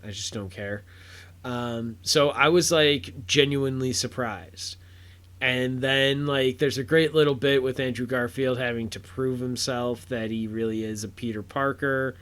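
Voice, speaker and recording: This is a man hosting a casual podcast and walking through a film scene by scene. He talks slowly at a middling pitch and rambles, with lots of fillers and restarts. His excitement breaks out in loud bursts. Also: smooth. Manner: gets loud and excited at big moments. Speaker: podcast host reviewing a film. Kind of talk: casual spoken review.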